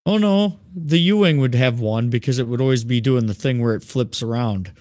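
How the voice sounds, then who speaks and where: A man co-hosting a casual podcast who works through game rules out loud in a relaxed way. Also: mid-range voice, normal speed, dry recording, clean studio sound. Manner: thinks aloud, relaxed, laughs easily. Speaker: podcast co-host.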